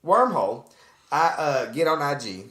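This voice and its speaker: A man's voice: a little high, sing-song, moderate pace, a bit bright, echoey room. A man co-hosting a podcast, talking in casual, profane banter and acting out quotes. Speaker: podcast co-host. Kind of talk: casual chat.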